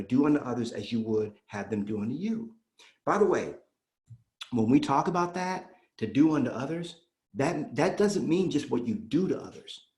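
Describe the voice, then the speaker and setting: A man coaching a room of trainees with preacher-like emphasis, hammering home each point and repeating it. He acts out both sides of client conversations in a voice of middling pitch, and the recording carries a roomy echo. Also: a little mellow. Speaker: real estate sales trainer. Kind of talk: energetic sales training talk.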